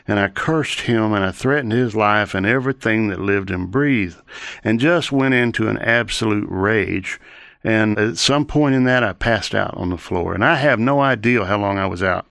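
A man's voice: lowish voice, fairly quick, a bit bright, no room sound. A man giving an earnest personal testimony in an interview, telling his story in long chained sentences.

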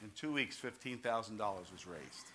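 An older pastor from New York, speaking with a New York accent, preaches a heartfelt testimony sermon. His tone is bright and punchy, and he swells into loud, fervent exclamations and repeated calls for amen from the congregation. His delivery is passionate and conversational at once. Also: fairly low pitch, lively intonation, normal speed.

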